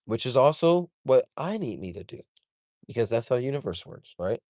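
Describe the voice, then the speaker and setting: A man's voice: medium pitch, very animated, fairly quick, a little mellow, no room sound. A man hosting a livestream, venting in a heated, profane, rambling complaint. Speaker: livestream host.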